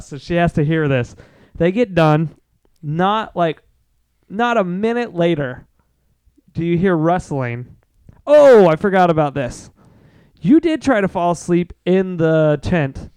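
A man's voice: fairly high pitch, lively intonation, unhurried, darkish tone, clear, resonant tone, dry recording. A young man casually retelling a camping story on a podcast, swearing a lot and acting out what others said. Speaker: podcast co-host.

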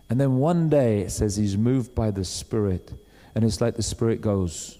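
Guy preaching, chatty storytelling style, mellow voice, big reverby hall. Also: fairly low pitch, moderate pace. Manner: conversational, acts out quoted voices. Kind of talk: sermon.

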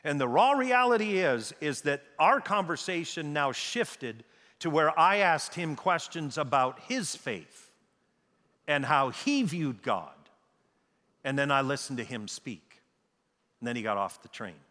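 A middle-aged American man preaching a sermon as a pastor, emphatic, slowing down and repeating key phrases. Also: a little high, animated, bright, forceful tone. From United States. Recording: reverberant hall.

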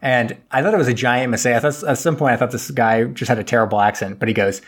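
A man casually recapping a movie on a podcast, rambling and briefly acting out characters as he goes. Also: mid-range voice. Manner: rambling, acts out characters in quick paraphrase. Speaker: podcast co-host.

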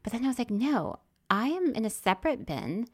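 A woman telling a story in casual chat, swinging from whispers to loud exclamations as she acts it out. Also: fairly high pitch, sing-song, brisk, slightly rough.

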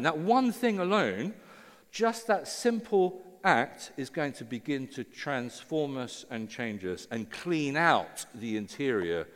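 A man's voice: medium pitch, in a large hall. A man preaching a sermon as pastor, in an informal, conversational way with many fillers and restarts.

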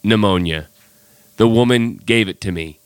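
A man's voice: fairly low pitch, normal speed, smooth, no echo. A man hosting a casual podcast, sick with a cold, telling his story in a chatty, exasperated way. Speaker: podcast host.

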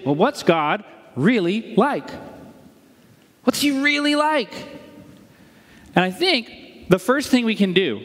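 Male pastor, high voice, conversational sermon full of rhetorical questions, long hall reverb.

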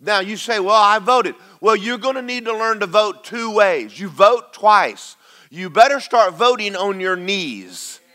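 A man's voice: sits high, animated, a little slow, fairly bright tone. A male pastor preaching a sermon, emphatic and repeating lines for stress as he calls out to the congregation.

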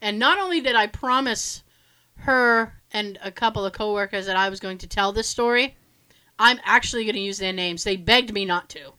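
A woman's voice: mid-range voice, normal speed, bright, forceful tone, clean tone. A young adult woman co-hosting a podcast, telling a work story in casual chat with frequent giggles. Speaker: podcast co-host.

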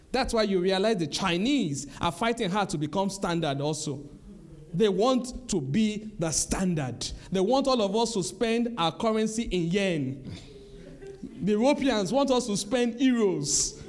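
A man's voice: sits high, expressive, a little slow, darkish tone. A man preaching a sermon in church, emphatic and repetitive, speaking straight to the congregation.

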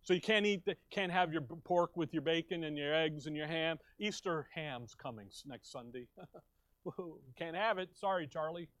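Emphatic pastor preaching, dry close sound. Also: male voice, fairly high pitch, normal speed, a bit bright, no echo. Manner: emphatic, rhetorical questions and asides. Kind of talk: expository sermon. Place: church.

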